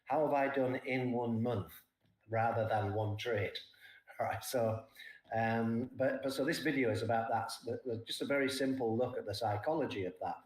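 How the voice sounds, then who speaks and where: An older man talks through trading ideas in a relaxed, explanatory way, checking in with his listener after each point. His voice sits at an ordinary pitch, and the recording has a noticeably echoey room around it. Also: moderate pace. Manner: explains points plainly, often tags "right?". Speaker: trading guest. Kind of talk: casual market talk.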